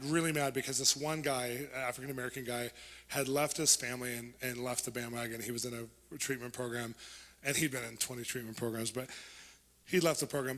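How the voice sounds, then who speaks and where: A man with a bright, forceful voice preaches in an animated way, slipping into the voices of the people in his stories. His voice carries a long, ringing reverb from the hall he speaks in. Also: medium pitch. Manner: animated, acts out quoted voices. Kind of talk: sermon with storytelling.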